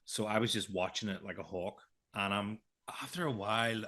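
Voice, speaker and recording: Man retelling a hard memory, low-voiced. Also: moderate pace, hardly any pauses, pushed and bright. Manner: emotional retelling with quoted dialogue, hesitant restarts. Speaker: podcast co-host. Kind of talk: personal storytelling.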